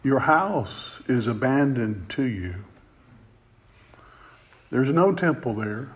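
A man preaching a sermon with passion. He climbs louder and higher to stress a point and often repeats words as he goes. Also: animated, slow. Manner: impassioned, rising in pitch and volume for emphasis, repeats words.

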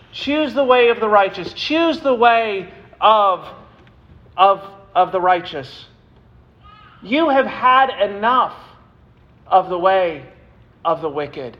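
Pastor guy preaching slow, kinda high voice, dull lo-fi recording. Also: expressive, a bit bright. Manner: deliberate, builds to emphatic repeated exhortations. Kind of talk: sermon.

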